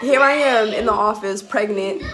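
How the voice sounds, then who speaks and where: Worked-up young woman over loud hiss. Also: medium pitch, normal speed. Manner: heated, laughs through the telling, swears. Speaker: vlogger telling a military story. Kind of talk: casual storytime. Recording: loud background noise hiss.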